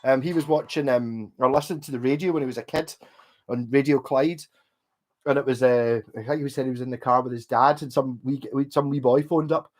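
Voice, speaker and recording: A man's voice: mid-range voice, steady tone, brisk. A man with a Scottish accent, tipsy from drinking, rambling and swearing heavily as he chats casually on a live stream.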